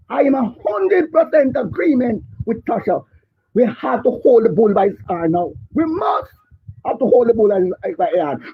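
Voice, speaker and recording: A Jamaican man calling in to a political talk show, speaking fervently and repeating his points, sometimes rising to a shout, his voice muffled. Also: extremely high pitch, slightly rough. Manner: fiery, rising to shouts, repetitive. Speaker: caller. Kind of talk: impassioned political call-in. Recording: muffled lo-fi call line.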